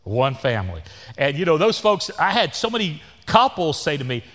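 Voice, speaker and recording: A Texan pastor in his sixties preaches in a church sanctuary, and a long reverb rings around his words. His fairly high, a bit bright voice swings widely in pitch at a normal speed. His sermon is folksy and joking, packed with down-home sayings.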